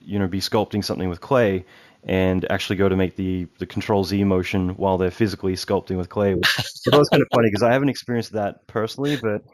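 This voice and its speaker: A man's voice: low-pitched, fairly even intonation, fast, darkish tone, no echo. A man hosting an interview, asking long, rambling questions in casual chat. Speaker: podcast host.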